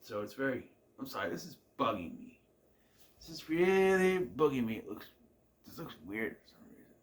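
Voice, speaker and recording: A man talks through a TV episode in a loose, rambling recap. His voice swings up and down at a middle pitch as he muses and questions the plot. He trails off often and chuckles at the scenes. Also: sing-song, moderate pace. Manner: musing, self-questioning, trails off with "I don't know"; laughs at the scenes. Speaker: TV episode reviewer.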